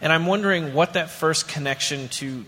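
A man's voice: fairly high pitch, normal speed, bright, forceful tone. A man moderating a convention panel, posing questions thoughtfully with wry humor. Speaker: podcast host, panel moderator. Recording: long hall reverb, faint ambience.

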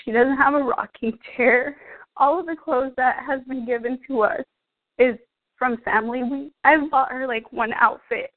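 A woman's voice: on the high side, steady tone, normal speed. A young woman sharing her personal story as a fitness coach, earnest and emotional, full of "like" and "um". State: out of breath. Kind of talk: personal testimonial. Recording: tinny phone-like audio.

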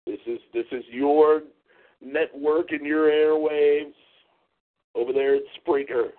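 A man's voice: on the high side, fairly even intonation, slow pace. A man hosting a talk show, ranting in a profane, mocking, confrontational way. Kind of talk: angry call-in show rant. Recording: tinny phone-line audio.

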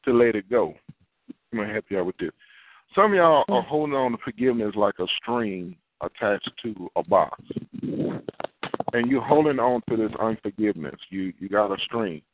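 A man's voice: on the low side, sing-song, moderate pace, vocal fry, long pauses, no room sound. A man preaching an earnest, confessional sermon, repeating his key phrases as he goes. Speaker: prophet preaching. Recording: tinny phone-line sound, dry.

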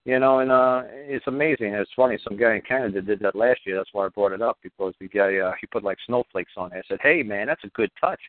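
A man's voice: fairly low pitch, steady tone, fast, few pauses, slight background noise. Blunt, profane male radio host. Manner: blunt, profane, rambling, emphatic. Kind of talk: call-in radio talk. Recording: tinny phone-like line, dry.

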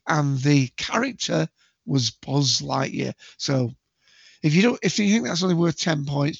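A man hosting a casual movie quiz, chatty and jokey, with bursts of loud quote acting. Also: a little high, vocal fry, slightly rough, dry recording. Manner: chatty, jokey, self-mocking, acts out movie quotes loudly. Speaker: quiz host. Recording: dull lo-fi dry home recording.

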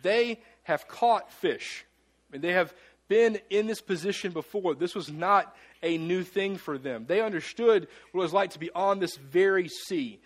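A man preaching a sermon as the pastor of a church, earnest, with dramatic pauses and slowed words for emphasis. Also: high voice. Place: church sanctuary.

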